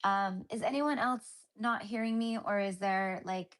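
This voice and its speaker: In a mid-range voice and at a measured pace, a woman chats through her spiritual healing livestream. She addresses viewers as honey and my love, rambling and leaning on fillers while often starting her sentences over.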